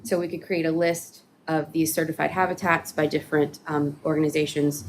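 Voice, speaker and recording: A city staff woman explains an ordinance to a committee, her voice sitting very low. She talks haltingly with frequent fillers and restarts. A steady room hum runs clearly behind her. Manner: hesitant, many fillers and restarts. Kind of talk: committee meeting briefing.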